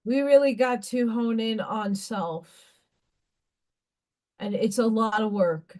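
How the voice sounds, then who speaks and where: A woman hosts a casual live stream and speaks in a slow, unhurried way. Her voice sits a little high. She preaches about inner change with heated conviction and swears freely. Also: fairly even intonation, darkish tone. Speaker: livestream craft host.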